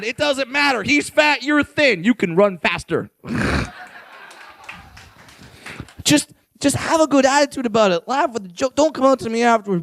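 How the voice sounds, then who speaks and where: A man from California works a comedy stage with a high-pitched, gravelly voice. He is brash and profane, firing punchy, insistent lines. The sound is close and dry. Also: lively intonation, moderate pace, long pauses, fairly bright tone, no room sound. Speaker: stand-up comedian. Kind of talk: stand-up routine.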